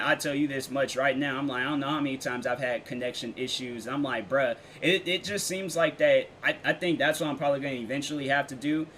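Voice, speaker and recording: A young man talks loosely to his viewers from his bedroom, drifting between thoughts with plenty of slang and filler words. His voice sits at an ordinary middle pitch. A faint hum of fans runs behind him. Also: a bit bright. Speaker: vlogger and streamer. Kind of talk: casual rambling monologue. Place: warm bedroom with fans running. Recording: faint fan noise behind.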